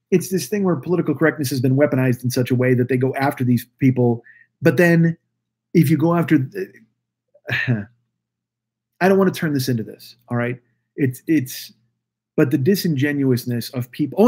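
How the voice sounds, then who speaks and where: A man's voice: medium pitch, a little mellow, husky. A man in his forties rambling through a profane solo podcast rant, full of restarts and asides. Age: 40s. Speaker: podcast host. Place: Los Angeles.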